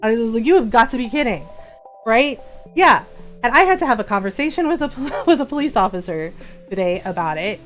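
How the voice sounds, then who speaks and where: A woman's voice: on the high side, lively intonation, brisk, a bit bright, soft background music. A woman hosting a livestream, talking in a heated, emphatic way and repeating her points. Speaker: livestream gamer host. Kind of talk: casual livestream chat.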